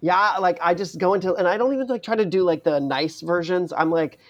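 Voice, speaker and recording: A podcast co-host talks in quick, rambling bursts, often breaking off mid-thought. The voice sits mid-range, and the sound is close and dry. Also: medium pitch, no echo, lo-fi sound. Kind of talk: casual chat.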